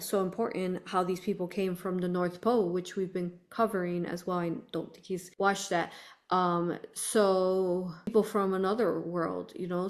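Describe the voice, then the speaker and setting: A woman's voice: on the low side, darkish tone. A woman guiding a hypnosis session, asking long, rambling questions full of fillers. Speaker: hypnosis practitioner.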